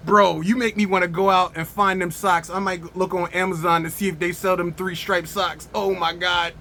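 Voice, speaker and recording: Male movie reviewer, high voice, bright tone, excitable and slangy, faint background hum. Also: normal speed. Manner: excited, laughing fits, slangy. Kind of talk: casual video review.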